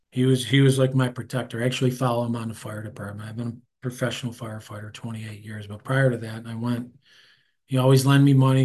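A man, sharing his recovery story at a meeting in a candid, conversational way, often trailing off quietly. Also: mid-range voice. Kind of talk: personal recovery share.

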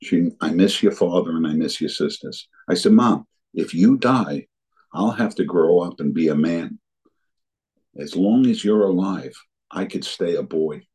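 An older man shares his recovery story with earnest conviction. He recounts remembered conversations in a deep, dark, husky voice. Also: moderate pace, poor audio. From New Jersey area. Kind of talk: personal testimony talk.

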